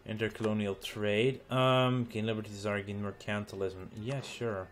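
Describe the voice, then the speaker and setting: A tired man thinking aloud as he plays a strategy game late at night, halting with ums and restarts. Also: fairly low pitch, fairly even intonation, slight background noise. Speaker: gaming channel host. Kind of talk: let's play commentary.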